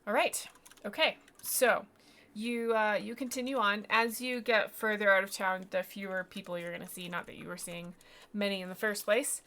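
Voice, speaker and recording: A woman's voice: mid-range voice, fairly even intonation, moderate pace, pushed and bright. A woman narrating as game master of a tabletop game, rambling and self-deprecating, with many fillers and restarts.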